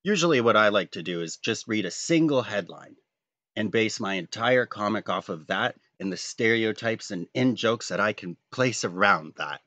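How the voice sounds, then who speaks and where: A man's voice: fairly low pitch, animated, normal speed, fairly bright tone, no echo. A man, talking casually and jokingly while drawing a comic, rambling and self-deprecating. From Canada. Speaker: comic artist.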